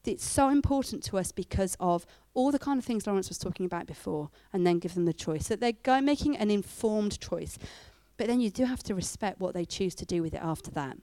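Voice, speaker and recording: A middle-aged woman giving a church talk, telling stories with lively acted-out quotes. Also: mid-range voice, brisk, few pauses, no echo. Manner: animated storytelling with acted-out quotes. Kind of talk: sermon.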